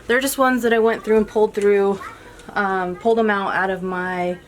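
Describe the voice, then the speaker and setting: A woman's voice: mid-range voice, fairly even intonation, moderate pace, a little hiss or hum. A woman talking casually to camera about her favorite movies, chatty and upbeat, full of ums and restarts, a little out of breath. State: a bit out of breath. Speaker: movie vlogger.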